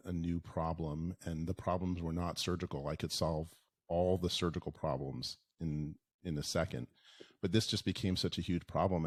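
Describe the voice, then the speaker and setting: Soft-spoken deep-voiced man, halting. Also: no echo. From Long Island, New York. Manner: soft-spoken, halting with many uhs and ums. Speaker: oral surgeon, interview guest. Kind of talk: casual interview answers.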